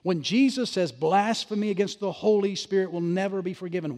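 Animated preacher man in a reverberant hall. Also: sits high, fairly quick, hardly any pauses. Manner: animated, punchy delivery with sarcastic asides. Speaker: pastor. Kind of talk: sermon.

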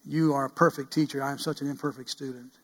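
A middle-aged man preaching a sermon as pastor, earnest, swinging from loud cries to hushed pleading. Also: medium pitch, fairly even intonation, quick pace.

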